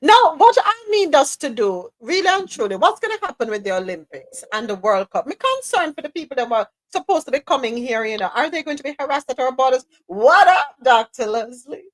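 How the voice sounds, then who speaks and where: A Jamaican woman hosting a live show in lively, exclamatory casual chat. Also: sits high, fairly quick, hardly any pauses, dry recording, rough recording. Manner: animated, exclamatory, laughs often. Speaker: host.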